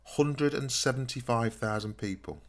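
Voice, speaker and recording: A man, co-hosting a podcast in a teasing, animated way. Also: medium pitch, moderate pace. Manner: teasing and animated, slips into playful mimicry. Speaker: podcast co-host. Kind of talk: casual chat.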